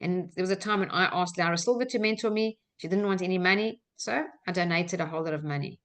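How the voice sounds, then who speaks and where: A woman's voice: on the low side, fast. A middle-aged woman with an Australian accent, hosting a personal development webinar and telling stories in an earnest way with frequent fillers. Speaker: coach and webinar host.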